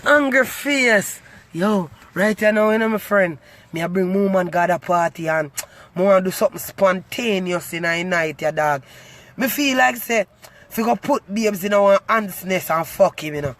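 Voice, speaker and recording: Brash high-voiced Jamaican man ranting. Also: moderate pace, fairly bright tone. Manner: brash, swaggering, crude and taunting. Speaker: comic vlogger. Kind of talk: boastful comic rant to camera.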